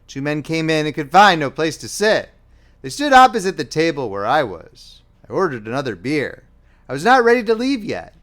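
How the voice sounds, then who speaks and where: Man narrating with lively, higher pitch. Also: normal speed. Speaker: audiobook narrator. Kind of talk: audiobook narration.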